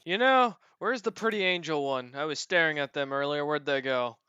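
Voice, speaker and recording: A man's voice: a little high, normal speed, dull audio, crowd noise, lightly acted. A man voicing a stubby drunken male dwarf brewer in a tabletop game, boisterous and slurring. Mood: leering.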